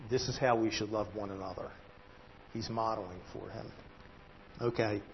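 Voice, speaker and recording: A man teaching a Bible study lesson, walking through the text in numbered points and loudly stressing key words. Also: on the low side, fairly even intonation, normal speed, vocal fry, long reverb tail, muffled recording, slight background noise.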